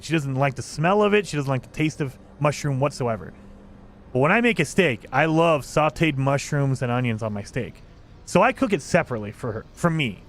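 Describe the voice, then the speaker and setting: A man's voice: fairly high pitch, a bit bright. A man chatting casually on a live stream, reading chat aloud, laughing often and restarting his sentences.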